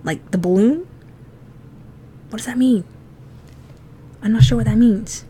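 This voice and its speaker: A woman's voice: fairly high pitch, a little slow, dark tone, a little hiss or hum. A woman streaming herself drawing, chatting casually, laughing often and swearing freely as she teases herself. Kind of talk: casual chat while drawing.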